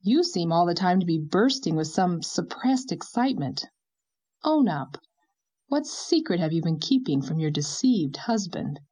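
A woman's voice: fairly low pitch, big pitch swings, unhurried, mellow. A woman voicing a young husband who wryly teases his wife. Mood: teasing. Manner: joking, wry. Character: young husband, teasing and curious. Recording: dull lo-fi recording.

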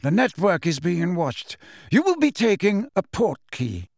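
A man voicing a calm, commanding elderly wizard headmaster, speaking in a measured, authoritative way. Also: dry recording, clean studio sound. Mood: grave, urgent. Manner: measured, authoritative, raised and lively pitch. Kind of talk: audiobook character voice.

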